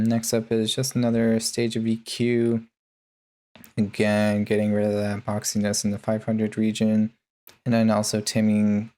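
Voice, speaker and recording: A man talking through his bass mixing chain in a casual tutorial, laid-back and full of ums and uhs. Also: mellow. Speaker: music producer.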